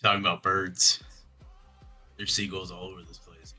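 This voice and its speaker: Tabletop player, male, deep husky voice, wry and laid-back. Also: little pitch movement, normal speed, bright, forceful tone, faint music behind. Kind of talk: casual in-character chat.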